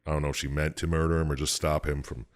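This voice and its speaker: A man co-hosting a podcast, rambling through a game's plot with swearing and jumping into high put-on voices for the characters. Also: level tone, fast talker. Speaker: podcast co-host. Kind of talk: casual chat, recapping a game plot.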